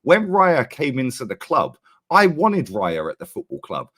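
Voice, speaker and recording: A man's voice: mid-range voice, wildly swooping pitch, a little slow, fairly bright tone, husky. A man arguing heatedly about football, interrupting, repeating words and using slang. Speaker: guest Arsenal fan.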